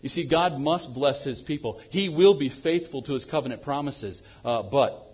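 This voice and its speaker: Guy preaching a sermon, kinda husky, gets loud then goes quiet, muffled lo-fi sound. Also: normal speed. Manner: animated preaching, acting out prayers loudly then dropping low. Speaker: pastor.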